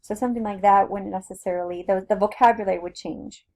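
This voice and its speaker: A woman's voice: medium pitch, steady tone, fast talker, darkish tone. Casual Southern Californian woman teacher. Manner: casual and conversational, with many fillers and restarts, explaining step by step. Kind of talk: recorded flipped-classroom lecture.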